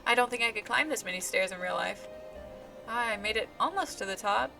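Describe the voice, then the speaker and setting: Bright, chatty young woman gaming. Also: mid-range voice, a little fast, gravelly. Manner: chatty, playful, excitable. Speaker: gaming creator. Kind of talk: casual gameplay commentary. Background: game music.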